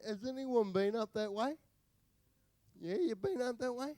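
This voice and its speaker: Slow-talking Australian comedian, high voice. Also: male voice, dark tone, no room sound. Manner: banters with the crowd, slow drawling delivery. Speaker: stand-up comedian. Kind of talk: stand-up comedy set. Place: live venue with audience.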